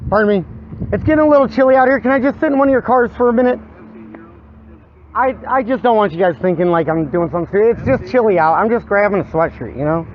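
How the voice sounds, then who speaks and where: A man's voice: sits high, lo-fi sound, slight background noise. Subdued man repeating himself, outdoors. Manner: halting, repeats phrases, subdued. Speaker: father filming a police encounter. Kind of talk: casual handheld vlog. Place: outdoors beside parked cars.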